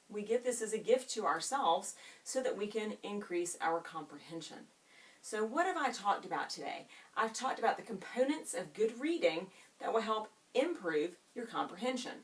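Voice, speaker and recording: A camera in the room records, from some distance, a mid-range-voiced woman teaching a reading class. She poses questions to the students and lengthens key words in an expressive, drawn-out delivery.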